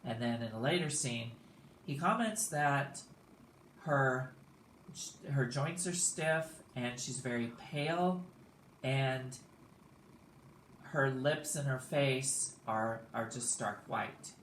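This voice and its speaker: A man's voice: mid-range voice, slow, fairly bright tone, slight background noise. Laid-back male teacher recapping a play; echoey room. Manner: casual, explanatory, with fillers.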